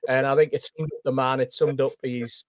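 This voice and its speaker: A man's voice: mid-range voice, a little fast, dry recording. A man telling a story as a podcast panelist, acting out the voices of the people in it. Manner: animated storyteller, acts out quoted voices. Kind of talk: casual anecdote telling.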